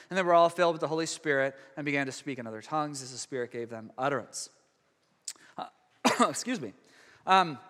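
A man with a high, bright, ringing voice preaches a sermon, talking it through casually with many restarts. He swells for big moments and sinks to a near hush for quiet ones. A long reverb trails after him in a large hall. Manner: conversational preaching with frequent restarts, dramatic hushed drops. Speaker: pastor.

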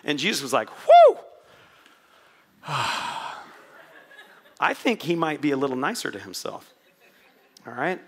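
A man preaching a sermon to a congregation, swinging from quiet asides to loud, impassioned moments. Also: medium pitch, fairly quick, breathy edge. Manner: animated, swings from quiet asides to shouted prayers. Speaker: pastor.

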